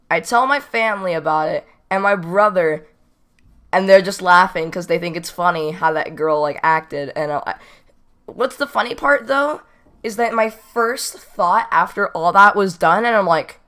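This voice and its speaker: Unhurried and high-voiced, a teen boy rambles through a school story for his storytime vlog, saying "not even kidding" over and over.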